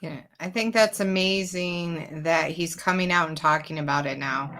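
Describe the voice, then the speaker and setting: A woman's voice: sits low, moderate pace, a bit bright. A woman co-hosting a casual talk show, chatty and heartfelt with loose grammar. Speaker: co-host.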